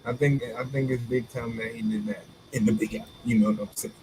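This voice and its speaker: A man's voice: mid-range voice, steady tone, fast, mellow, a little hiss or hum, rough recording. A man co-hosting a casual sports podcast, giving his picks in easy, slangy talk. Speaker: podcast co-host.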